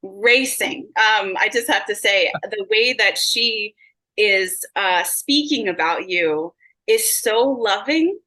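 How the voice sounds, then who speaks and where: A woman's voice: medium pitch, takes it slowly, pushed and bright, poor audio. A woman working as a psychic medium in a reading session, bubbly and gushing, full of filler words.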